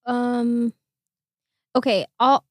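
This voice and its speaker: A woman's voice: fairly high pitch, flat delivery, drawn-out words, dry recording, clean studio sound. A young woman hosting a casual interview podcast, encouraging her guest, with many "um" and "like" fillers. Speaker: podcast host.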